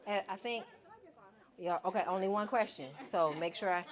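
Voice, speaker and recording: A woman's voice: medium pitch, normal speed. A woman giving a keynote to students, talking casually and playfully, calling on people in the audience. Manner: lively, playful, calls on the crowd. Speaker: keynote speaker. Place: event hall with an audience.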